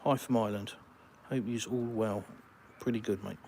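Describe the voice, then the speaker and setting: His voice is lowish and dark, fairly even in intonation, moving at a normal speed over a faint hiss or hum. He's an Englishman from the UK hosting a village live stream outdoors, answering the chat with dry, blunt sarcasm.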